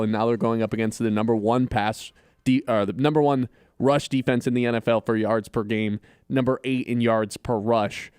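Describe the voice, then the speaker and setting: A man's voice: medium pitch, clear, resonant tone, no room sound. A man hosting a casual sports betting talk show in a radio studio, reeling off stats and ranting at times. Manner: animated, runs through stats and rants.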